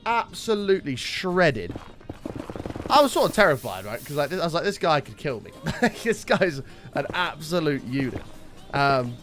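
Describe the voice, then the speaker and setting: Man, streamer, casual rambling chat, sweary, fairly high voice, background music. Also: sing-song, normal speed, fairly bright tone. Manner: rambling anecdote, frequent swearing.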